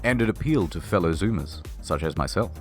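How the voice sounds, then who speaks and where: Deep sarcastic narrator guy, pitch swoops a lot, music under it. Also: animated, quick pace. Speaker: video essay narrator. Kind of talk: scripted comedic narration.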